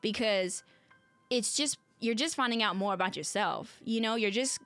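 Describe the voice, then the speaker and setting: On a reflective solo podcast, a woman hosts at a normal speed, her fairly bright voice on the high side, with soft music in the background. She talks earnestly and conversationally, often speaking straight to her listeners.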